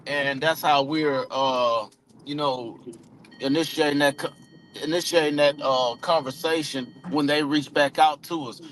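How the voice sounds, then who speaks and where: A man's voice: a little high, fairly even intonation, unhurried, fairly bright tone, slight background noise. Man coaching in a loose, repetitive ramble. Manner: loose, repetitive, acts out phone calls. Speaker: real estate coach. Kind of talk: casual live-stream chat.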